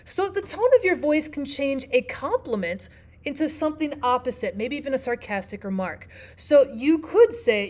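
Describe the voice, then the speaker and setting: Woman teacher explaining, slightly high voice. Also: expressive, moderate pace, a little mellow. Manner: clear, explanatory, asks the listener questions. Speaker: language arts teacher. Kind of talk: classroom lesson narration.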